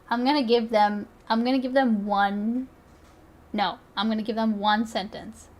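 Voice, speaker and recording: A woman streamer reacting live to videos, giggly and rambling, with lots of fillers. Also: fairly high pitch.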